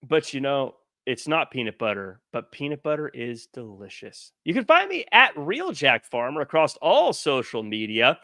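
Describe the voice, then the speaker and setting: Lively, bright-voiced man hosting. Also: medium pitch, normal speed, hardly any pauses, no echo, studio quality. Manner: lively, joking, reads viewer comments aloud. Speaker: podcast host. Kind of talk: casual podcast chat. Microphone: headset.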